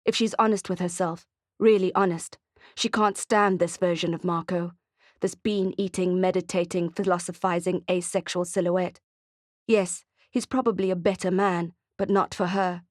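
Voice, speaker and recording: A woman narrating an audiobook thriller in a steady, expressive reading. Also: lowish voice, normal speed, no room sound, clean studio sound. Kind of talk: scripted narration.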